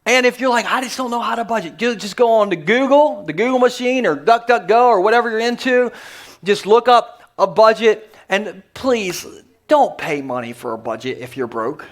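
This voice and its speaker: A male pastor preaching to a church congregation in a joking, energetic manner with quick asides. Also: high voice. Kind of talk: humorous sermon. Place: church sanctuary before a congregation.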